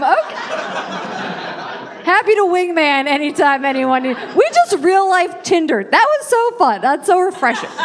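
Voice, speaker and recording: An Irish-born woman in her thirties with an American accent, doing a chatty, self-deprecating stand-up set on a club stage. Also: high voice. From Ireland. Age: 30s. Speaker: stand-up comedian. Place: comedy club stage with live audience. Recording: live club audience laughing.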